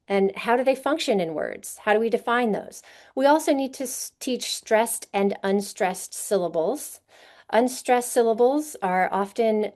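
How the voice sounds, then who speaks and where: At a conference teaching session, a woman presents a literacy workshop for teachers, explaining things patiently and often checking in with rhetorical questions. Her voice is fairly high-pitched with a darkish tone.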